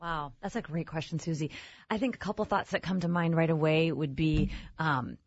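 Husky lower-voiced woman giving advice on a faith show, muffled lo-fi sound. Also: normal speed. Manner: thoughtful, many restarts. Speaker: guest. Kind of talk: Christian talk show conversation.

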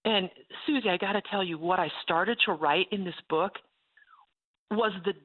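A woman's voice: medium pitch, normal speed. A woman author sharing a faith testimony as an interview guest, telling her story expressively with frequent laughter. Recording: phone-like line.

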